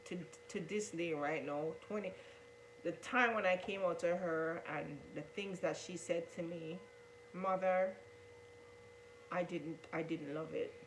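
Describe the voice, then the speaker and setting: In a fairly low voice and at a slightly slow pace, a woman recounts her coming-out story to camera with earnest emotion. She repeats herself and calls viewers "guys," and the rough recording has a little hiss or hum.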